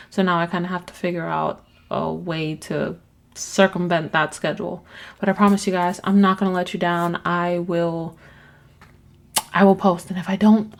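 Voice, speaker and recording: A woman hosting her own podcast, talking candidly in a rambling personal monologue, swearing casually and trailing off mid-thought. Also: fairly low pitch. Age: adult with children. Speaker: podcast host.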